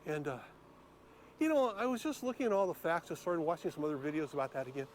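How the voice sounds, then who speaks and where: A man's voice: fairly high pitch, animated, fast talker, slight background noise. A man vlogging while he walks around a lake outdoors, talking casually with many fillers and restarts. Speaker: YouTube vlogger. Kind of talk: casual walking vlog. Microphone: handheld camera while filming.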